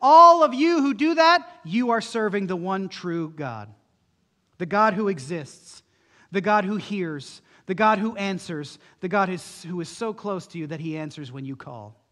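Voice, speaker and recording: A man's voice: high voice, lively intonation, unhurried, sharp tone. A man preaching an emphatic sermon as a pastor, using rhetorical questions. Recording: long hall reverb.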